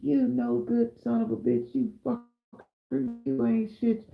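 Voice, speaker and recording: Furious shouting judge, put on by a man telling a story, raised pitch, roomy echo. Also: little pitch movement, takes it slowly, creaky, faint music behind, exaggerated voice. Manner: shouting insults. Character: furious cursing male courtroom judge.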